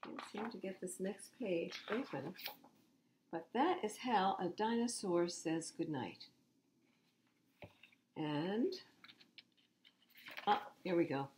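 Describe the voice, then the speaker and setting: A woman's voice: on the low side, animated, slow, long pauses, a little mellow, a little hiss or hum. A woman reading picture books aloud to children at storytime, expressively and with asides to the listeners. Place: public library.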